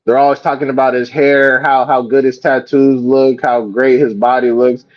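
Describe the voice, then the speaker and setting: A man hosting a live reaction stream, talking casually and profanely in an animated rant. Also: medium pitch, moderate pace, dull audio. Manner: animated, profane, mocks others in quoted voices. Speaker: host.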